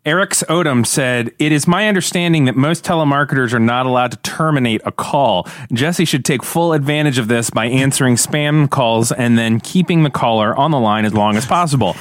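Deadpan man reading listener feedback. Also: medium pitch, brisk, few pauses, no room sound, studio quality. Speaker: podcast co-host.

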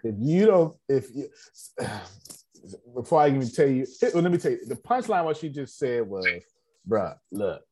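A man's voice: fairly high pitch, big pitch swings, moderate pace, mellow. A man coaching an online business meeting in a blunt, joking way, repeating his phrases with a preacher-like rhythm. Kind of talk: animated motivational talk.

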